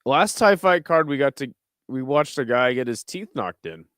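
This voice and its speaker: A man's voice: medium pitch, animated, normal speed, a bit bright, dry recording, studio quality. Laid-back, profane man commentating fights. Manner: laid-back, profane, jokey asides to chat. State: tired, burping. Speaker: livestream fight watch-along host. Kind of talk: casual live commentary.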